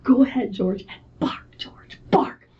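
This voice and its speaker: A woman voicing a calm, matter-of-fact male vet who speaks softly and low, often half-whispered, recorded on a distant, muffled mic. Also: slow.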